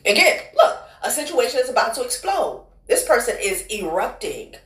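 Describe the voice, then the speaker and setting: A woman's voice: on the high side, big pitch swings, normal speed, fairly bright tone. A woman doing a casual tarot reading, blunt and profane, who calls the listener honey and child. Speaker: tarot card reader. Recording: echoey room.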